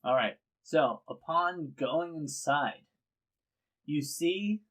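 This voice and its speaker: A man's voice: a little high, slow, fairly bright tone, poor audio. A man acting as dungeon master, describing scenes unhurriedly and hesitating when improvising. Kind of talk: narrating a tabletop game.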